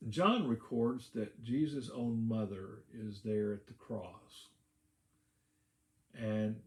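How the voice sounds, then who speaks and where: A pastor, a man with a lowish voice, preaches a sermon in an easy, conversational way, stopping often to restart his thoughts. His voice rings out in a roomy, echoing church. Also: vocal fry, a little mellow. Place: church sanctuary.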